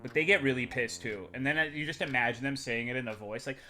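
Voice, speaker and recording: A man's voice: mid-range voice, quick pace, pushed and bright, soft background music. A young adult man streaming live, chatting casually with his chat in a crude, rambling, sarcastic way.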